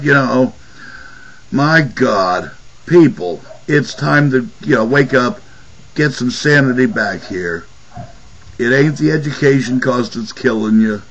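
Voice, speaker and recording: A man's voice: mid-range voice, lively intonation, measured pace, a bit bright, low-quality recording. A man hosting his own political commentary video, ranting angrily with profane sarcasm. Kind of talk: angry political rant.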